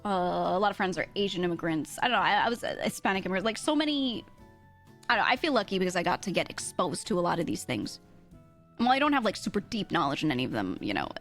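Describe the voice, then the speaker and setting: A woman's voice: fairly low pitch, fast talker, faint music behind. A young woman streamer, chatting casually with chat, laughing often and swearing freely. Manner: laughing, swearing, animated asides.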